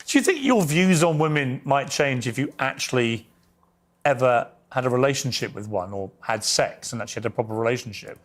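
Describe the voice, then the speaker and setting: A man's voice: medium pitch, lively intonation, a little fast. A man interviewing a guest, pressing him with pointed, confrontational questions.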